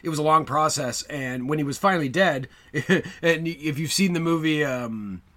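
A man's voice: fairly high pitch, moderate pace, a bit bright. A man co-hosting a casual film podcast, wry and knowledgeable, who often laughs as he talks. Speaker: podcast co-host.

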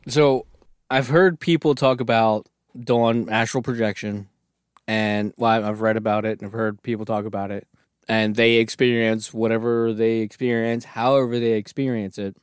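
A man's voice: on the low side, fairly even intonation, moderate pace, clear, resonant tone, dry recording. Reflective podcast man, dry close sound. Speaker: podcast co-host. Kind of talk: casual chat.

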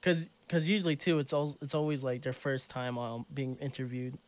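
A man hosting a podcast in casual chat, laid-back and quick to laugh. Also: mid-range voice, little pitch movement, a little hiss or hum. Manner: laid-back, laughs easily, short reactions. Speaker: podcast host.

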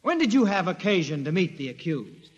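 An actor playing a male prosecutor questioning witnesses deliberately in a 1950s radio drama. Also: high voice, sing-song, breathy edge, dull audio, heavily acted. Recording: reverberant radio recording with music.

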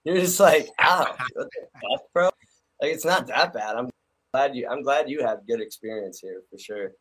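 A man's voice: medium pitch, expressive, moderate pace, husky, low-quality recording. A man from Cleveland guesting on a comedy podcast, talking in a laid-back, hesitant drawl. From Cleveland, USA. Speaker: guest rapper. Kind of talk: casual comedy podcast chat.

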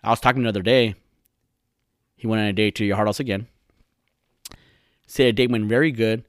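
A man's voice: fairly low pitch, fairly even intonation, brisk, dry recording, clean studio sound. A young man hosting his own podcast alone, rambling and swearing as he mocks his friends. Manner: profane, rambling, mocking. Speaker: podcast host. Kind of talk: solo podcast rant.

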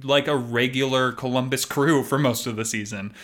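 A man with a mid-pitched voice chatting casually as co-host of a sports podcast. He rambles with many fillers and restarts and laughs often. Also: steady tone, moderate pace, a bit bright.

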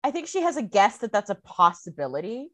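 Animated woman trading playful asides. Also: medium pitch, fairly quick, dry recording. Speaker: podcast co-host. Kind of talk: casual TV episode recap.

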